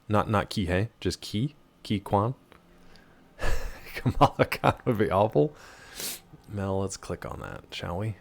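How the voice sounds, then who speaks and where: A man streaming a game live, chatting casually and teasing his chat as he answers them. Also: on the low side.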